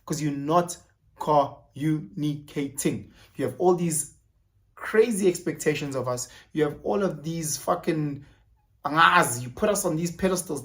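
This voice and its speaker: A man with a South African accent giving a motivational monologue, emphatic and repeating key words, slipping in Zulu phrases and swearing. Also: a little high. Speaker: motivational vlogger.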